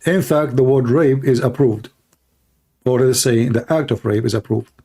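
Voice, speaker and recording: A man hosting a confrontational livestream debate, talking emphatically and challenging his listeners, with a dry throat and frequent throat clearing. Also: mid-range voice, normal speed, dark tone. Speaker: debater and host.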